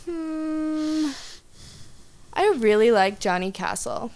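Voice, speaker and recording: A woman's voice: sits high, lively intonation, slow, a little mellow. A young woman chatting as a podcast guest, giggly and rambling, with many likes and ums. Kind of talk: casual podcast chat.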